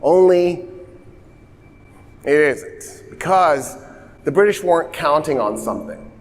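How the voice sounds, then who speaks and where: A man telling history in a casual, lively way, slipping into voiced asides. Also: fairly high pitch, takes it slowly. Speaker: history explainer. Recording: long reverb.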